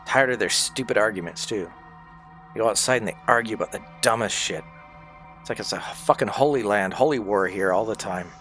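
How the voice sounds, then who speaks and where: A man's voice: fairly low pitch, a little fast, a bit bright, soft background music. A man who is a streamer, ranting in casual, profane talk during a game stream. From not from the United States.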